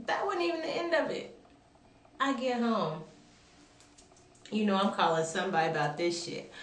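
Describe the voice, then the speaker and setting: A woman vlogger telling a story to camera in an animated, profane way with laughing asides. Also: a little high, moderate pace, pauses often. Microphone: camera mic. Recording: roomy, from camera distance.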